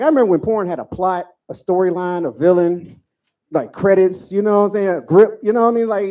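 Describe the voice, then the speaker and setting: A man in his forties doing a profane stand-up comedy set, telling stories with animated asides. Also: sits high. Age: 40s.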